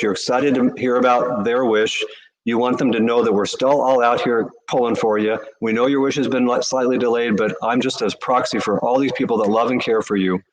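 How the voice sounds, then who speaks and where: A man, a charity CEO, answering interview questions with earnest, animated storytelling. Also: mid-range voice, poor audio.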